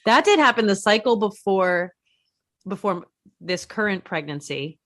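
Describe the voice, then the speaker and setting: A woman's voice: medium pitch, animated, measured pace, fairly bright tone. A pregnant woman hosting a casual conversation, chatty and laughing as she acts out her own past thoughts. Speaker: podcast host.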